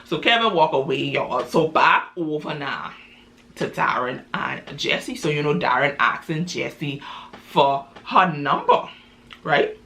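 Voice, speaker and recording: A woman's voice: deep voice, big pitch swings, takes it slowly, sharp tone, a little hiss or hum. A woman casually telling a story in a chatty way, full of fillers and asides to listeners.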